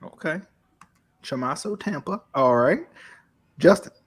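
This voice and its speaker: A man's voice: a little high, lively intonation, measured pace, husky. A man hosting a casual wrestling podcast over an online call, laid-back and full of fillers. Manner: laid-back, filler-heavy, laughs easily. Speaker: podcast host running the picks. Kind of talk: casual chat.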